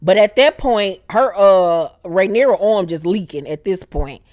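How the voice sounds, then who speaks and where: Animated woman recapping a TV show. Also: mid-range voice, measured pace, dry recording, clean studio sound. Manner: animated, acts out characters in exaggerated voices. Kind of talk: casual profane TV recap.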